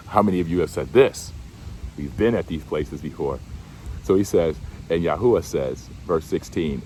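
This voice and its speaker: A man reading bible verses slowly, then paraphrasing them in relaxed, slangy everyday speech. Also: deep voice, a little hiss or hum. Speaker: bible teacher. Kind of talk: scripture reading with casual commentary.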